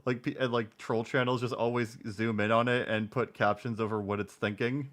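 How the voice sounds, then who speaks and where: A young man in his twenties talks over a video on his stream, dry and sarcastic, with plenty of swearing. His voice sits in an ordinary middle pitch. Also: steady tone, moderate pace, fairly bright tone. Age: 20s. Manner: sarcastic, profane. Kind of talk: casual reaction commentary.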